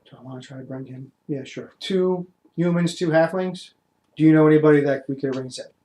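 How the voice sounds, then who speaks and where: A man playing his character in a tabletop game, with a somewhat high voice. He jokes and laughs easily while bargaining and arguing in character. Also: brisk, dark tone. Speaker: player.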